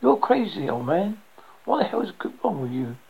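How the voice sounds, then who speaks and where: Reader doing a pessimistic man, blunt and grim, gravelly. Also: medium pitch, expressive, moderate pace, poor audio. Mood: bitter. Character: bitter, pessimistic man, quick to snap.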